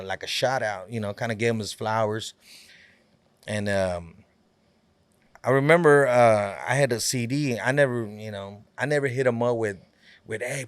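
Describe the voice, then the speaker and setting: A man's voice: on the low side, clear, resonant tone, no echo. A man guesting on a podcast, telling a long story in a laid-back, rambling way, full of fillers and quoted back-and-forth. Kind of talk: casual storytelling.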